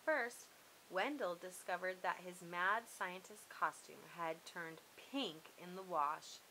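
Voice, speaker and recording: Bright-voiced woman reading a children's story. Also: lowish voice, slow pace, a little hiss or hum, rough recording. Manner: expressive, lively read-aloud. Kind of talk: children's storybook read-aloud.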